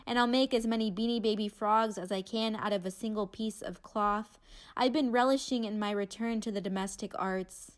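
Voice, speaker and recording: A woman's voice: mid-range voice, steady tone, normal speed. A young woman performing spoken word in a candid, wry, conversational way. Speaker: student poet.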